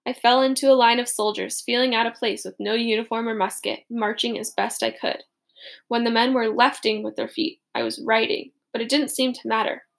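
A woman reading a first-person story aloud in a steady, plain manner. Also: on the high side, a little fast, creaky. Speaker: audiobook narrator.

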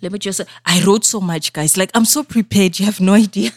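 A woman's voice: medium pitch, brisk, no room sound. A woman from South Africa hosts her own motivational podcast and speaks into a studio microphone. She coaches her listeners in an earnest, direct way and keeps checking that they are with her. Her voice sits in a middle range, and the sound is close and dry. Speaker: podcast host. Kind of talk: motivational solo podcast talk.

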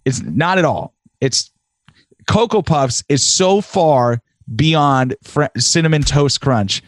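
A man's voice: a little high, lively intonation, slow pace, no echo. A man co-hosting a podcast in casual chat, blunt and argumentative, teasing his partner and swearing. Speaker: podcast co-host.

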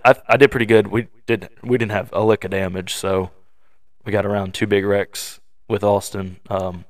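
Casting: young male podcast co-host, lower-pitched, rambling storyteller, dry studio sound. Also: no echo. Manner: storytelling, acting out quoted voices; loose, filler-heavy delivery. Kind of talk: casual chat.

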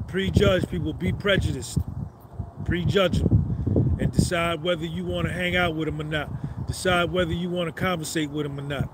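A man's voice: a little high, very noisy. A man in his fifties giving a boastful motivational monologue on a live stream, swaggering and repeating his phrases for emphasis. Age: 50s.

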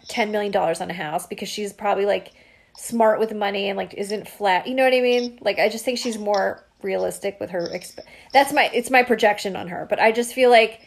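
A woman co-hosting a casual chat, talking with lots of "like" fillers. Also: medium pitch. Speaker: podcast co-host. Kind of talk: casual chat about a reality show.

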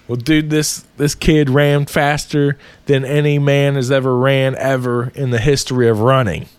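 A man retelling a story in a casual, animated, profane way. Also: medium pitch, moderate pace, clear, resonant tone, no room sound. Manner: profane, animated, laughs while telling.

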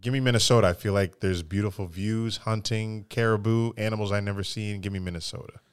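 A man chatting casually as a podcast co-host in a relaxed, offhand way, swearing now and then. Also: on the low side, fairly quick, smooth, no echo, studio quality. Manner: laid-back, swears casually, lists places he has been. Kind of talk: casual chat.

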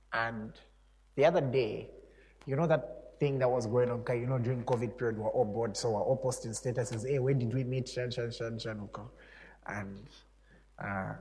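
Storytelling male preacher in echoey hall. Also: mid-range voice. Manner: conversational storytelling, chuckles often, animated. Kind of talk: sermon.

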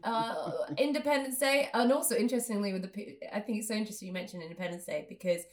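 A woman's voice: mid-range voice, very fast, a little mellow. A woman in casual podcast chat, rambling and searching for words as she talks. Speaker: podcast co-host.

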